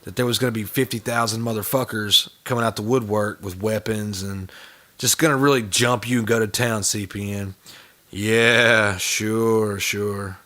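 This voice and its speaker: A man's voice: on the low side, steady tone, fairly quick, sharp tone. A man hosting a reaction video, giving sarcastic, profane commentary on clips. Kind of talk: mocking commentary over clips.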